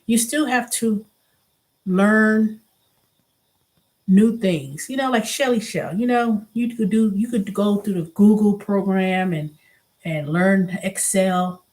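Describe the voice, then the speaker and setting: A woman's voice: medium pitch, slow pace. Middle-aged woman venting in a casual vlog. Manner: animated venting, acts out quoted voices; restarts and repeats herself. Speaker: show host.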